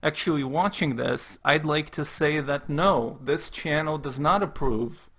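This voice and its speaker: A man talking sarcastically and mockingly as he comments on online clips. His voice sits a little higher than most men's. He makes profane asides in a casual commentary tone. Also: unhurried, vocal fry, fairly bright tone, breathy edge. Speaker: commentary YouTuber.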